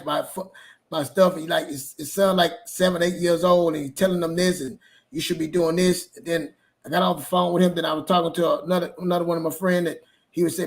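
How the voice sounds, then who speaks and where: Male co-host, high-pitched, casual and earnest storyteller. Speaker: podcast co-host. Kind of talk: personal storytelling.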